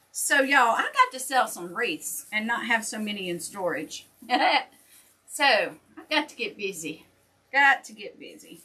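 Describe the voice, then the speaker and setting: A chatty older woman with a drawl talks folksy and easy with her viewers while she crafts. Her voice sits a bit high, with a bright, forward edge to it. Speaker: wreath maker and shop host. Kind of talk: casual livestream chat while crafting.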